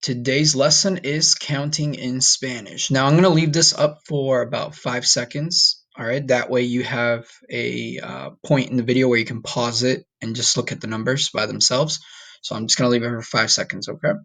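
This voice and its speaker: Man, teacher, recorded online lesson, patient, slow drills, mid-pitched voice. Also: fairly even intonation, creaky, a bit bright. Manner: patient, repeats okay and all right often; says numbers slowly for students to repeat. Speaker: Spanish teacher.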